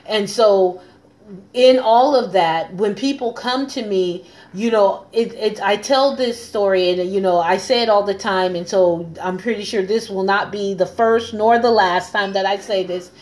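A woman's voice: mid-range voice, a little slow, darkish tone. A woman hosting a live stream as a coach and pastor, talking earnestly and repeating phrases for emphasis. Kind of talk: casual live-stream talk.

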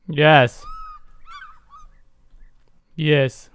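Young man, high voice, slow talk, dry close mic, excitable gameplay chatter. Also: smooth, no echo. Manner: excitable, bursts into loud high exclamations; playful slangy talk. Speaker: gamer. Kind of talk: casual gameplay commentary.

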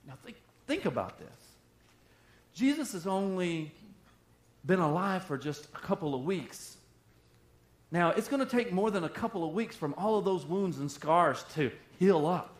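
A man's voice: a little high, very animated, moderate pace. Dramatic preacher man, echoey room. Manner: dramatic, swings from loud to hushed. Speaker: pastor. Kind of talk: sermon.

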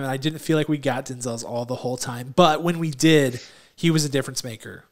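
A man's voice: medium pitch, fairly even intonation, a little fast. A man co-hosting a movie podcast, giving easygoing opinions on films. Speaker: podcast co-host. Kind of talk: casual movie review chat.

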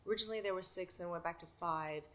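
A woman singer as a guest, telling a lively anecdote with laughs and acted-out quotes. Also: fairly low pitch, quick pace. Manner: laughing storyteller, acts out voices. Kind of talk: animated anecdote.

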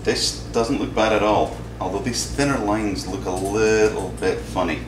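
A maker vlogger narrates his screen-printing in a relaxed, chatty way, thinking out loud and tossing in playful sound effects. His voice is on the low side and moderately paced. The distant mic gives a roomy sound, with music playing behind him.

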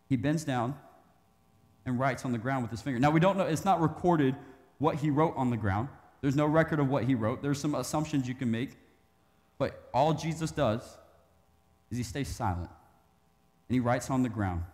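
A young man preaching a casual sermon to young adults, reading scripture and acting out quick quotes in an animated way. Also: mid-range voice. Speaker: youth pastor. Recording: long reverb of a hall.

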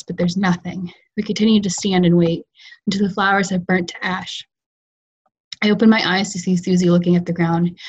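A woman fiction writer reading her own story aloud in a calm, measured way over a video call. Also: on the low side, husky, muffled recording. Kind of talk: literary reading.

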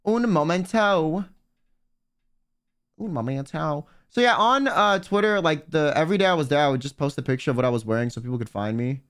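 A young man livestreaming as a vtuber, telling stories in a casual, animated way with plenty of swearing and filler words. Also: fairly high pitch, quick pace, hardly any pauses, smooth. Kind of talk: casual storytelling on stream.

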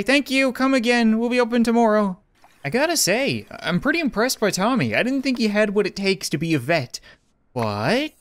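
Sarcastic young man joking over gameplay. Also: sits high. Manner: sarcastic, laughs often. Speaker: gaming commentator. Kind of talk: casual gameplay commentary.

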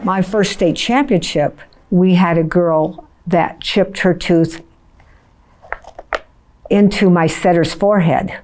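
A woman volleyball coach telling a story in a documentary interview, reflective and measured. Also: lowish voice, a little mellow, slight background noise.

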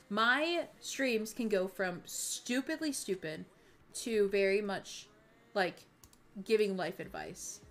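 A woman's voice: mid-range voice, slow pace, faint music behind. A woman streaming a game, talking in a rambling, earnest way with many fillers and restarts. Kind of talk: casual stream chat.

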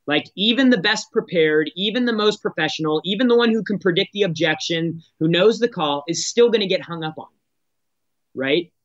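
A man's voice: sits high, a bit bright, no echo, muffled recording. A man answering as a sales executive guest on a podcast, talking in a direct coaching tone with frequent restarts.

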